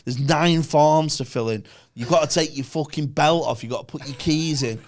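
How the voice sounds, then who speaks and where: A man's voice: fairly high pitch, moderate pace. A young man with a Northern English accent, a podcast guest ranting and telling stories in casual, sweary chat.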